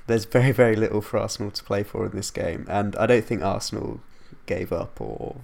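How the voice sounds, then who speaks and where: Gravelly-voiced young man hosting a podcast. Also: on the low side, fairly quick, darkish tone. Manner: rambling, self-interrupting, laughs at himself. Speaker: podcast host. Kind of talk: casual football chat.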